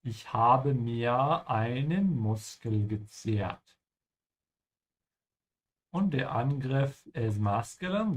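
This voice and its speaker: A man teaching German while playing a game, explaining patiently and ending his points with "yeah?". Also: mid-range voice. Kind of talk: language lesson over gameplay.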